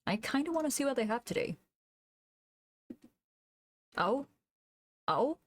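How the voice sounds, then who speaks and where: A woman streamer chatting casually while she draws, thinking aloud, humming to herself and laughing softly, into a desk microphone. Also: high voice, very animated, measured pace, pauses often, slight background noise. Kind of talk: casual live-stream chat while drawing.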